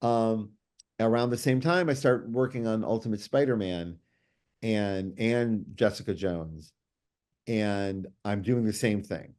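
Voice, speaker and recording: A middle-aged man, a comics writer guest, telling stories in casual chat, animated and quick with many restarts and fillers. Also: lowish voice. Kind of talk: casual storytelling.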